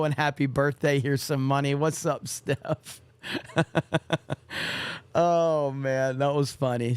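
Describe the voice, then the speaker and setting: A hoarse man hosting a live stream, casually reading viewer messages aloud with quick rambling asides. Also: on the high side, dry recording. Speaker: livestream host.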